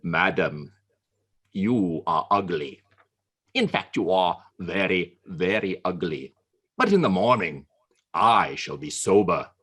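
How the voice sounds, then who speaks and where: Deep, dry old statesman, slow and cutting, as a husky-voiced man puts him on. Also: lively intonation, fairly bright tone, exaggerated voice. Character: gruff, witty older male statesman.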